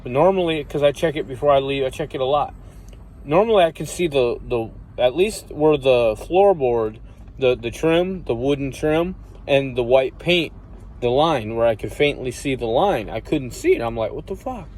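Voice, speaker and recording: A man's voice: medium pitch, moderate pace, a little hiss or hum. Profane rambling man telling a story. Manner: profane, rambling, acts out quoted voices loudly. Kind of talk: casual storytelling.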